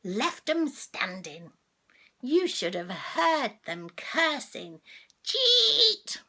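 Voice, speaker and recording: A woman's voice: medium pitch, big pitch swings, extremely slow, a bit bright, breathy edge, voice pushed down, exaggerated voice. An older woman voicing a cheerful old witch in a storybook read-aloud, pleased and matter-of-fact. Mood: gleeful. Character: cheerful old witch, school cleaner, proud.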